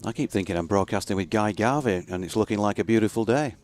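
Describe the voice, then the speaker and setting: A man's voice: lowish voice, fast, a little mellow. A man in a radio cricket commentary box, bantering in a dry, wry way.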